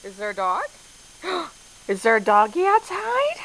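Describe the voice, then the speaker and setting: High sing-song woman baby-talking her dog. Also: huge pitch swings, measured pace, fairly bright tone, slight background noise, poor audio. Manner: sing-song, coaxing, swooping pitch. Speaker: dog owner. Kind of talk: baby talk to a pet. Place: home indoors.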